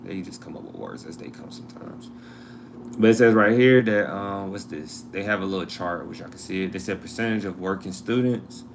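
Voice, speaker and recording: Man, very low voice, casual live stream chat, calls viewers y'all, noisy recording. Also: steady tone, brisk, creaky, few pauses. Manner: chatty, addresses viewers as y'all, reads article aloud.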